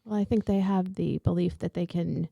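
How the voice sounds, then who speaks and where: A woman's voice: fairly low pitch, fairly even intonation, normal speed, creaky, warm tone, breathy edge, dry recording, lo-fi sound. A woman co-hosting a casual podcast chat, teasing the guest and laughing along.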